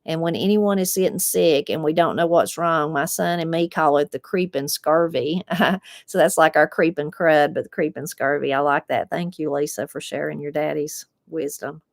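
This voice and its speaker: Low-voiced folksy Appalachian woman. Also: fairly even intonation, dry recording, clean studio sound. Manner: unhurried, folksy, reflective. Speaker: host reading viewer comments. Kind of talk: casual chat.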